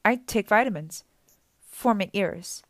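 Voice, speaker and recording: A woman's voice: medium pitch, expressive, slow pace, dry recording, studio quality. A woman reading an audiobook voices a nervous young boy who sounds anxious and jumpy.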